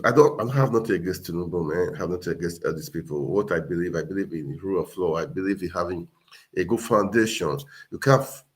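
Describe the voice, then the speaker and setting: Man, very deep voice, earnest, repetitive, casual livestream talk. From Nigeria. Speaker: livestream host.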